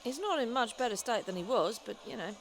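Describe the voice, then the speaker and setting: A woman playing a tabletop game, talking in a brisk, forthright way. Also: fairly high pitch, lively intonation, over music. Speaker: player.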